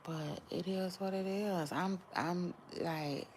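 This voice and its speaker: A woman hosting a gossip channel, chatting casually to her viewers in a hushed voice so she won't wake anyone at home. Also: lowish voice, fairly even intonation, slight background noise. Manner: hushed, keeps voice down to not wake others; chatty, drawn-out slang phrasing.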